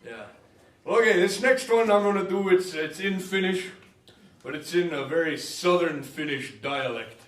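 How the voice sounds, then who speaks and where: A man's voice: high-pitched, moderate pace. A man from Minnesota chatting between songs at a live concert in a library, rambling and joking with filler hesitations. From Minnesota, USA. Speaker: musician and performer. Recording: roomy hall, mic at a distance.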